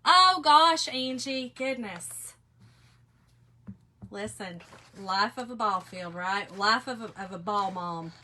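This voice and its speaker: Bright chatty woman in her forties. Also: medium pitch, takes it slowly, long pauses. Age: 40s. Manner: chatty, reads out viewer comments, laughs often. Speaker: craft live stream host. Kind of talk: casual live craft demo chat.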